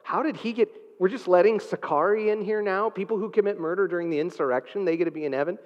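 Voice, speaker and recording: A man's voice: sits high, fast, pitched above the performer's own voice, natural voice. A man preaching voices a baffled angel muttering in disbelief. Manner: incredulous muttering. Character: baffled grumbling angel at heaven's gate. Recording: dull sound with long hall reverb.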